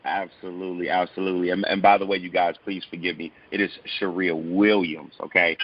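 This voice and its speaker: A man's voice: sits low, flat delivery, brisk, highs cut off. A man hosting an interview show, welcoming and upbeat, sometimes stumbling and repeating his words. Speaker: host.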